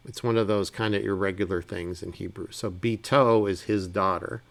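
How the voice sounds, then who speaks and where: A man teaching a casual Bible Hebrew lesson, reading verses slowly and then explaining them in relaxed asides. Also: low voice, creaky.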